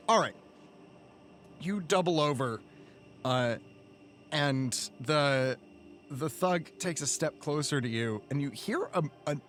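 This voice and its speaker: A man's voice: mid-range voice, fairly bright tone. A man narrating a tabletop role-playing game as game master, in an amused manner.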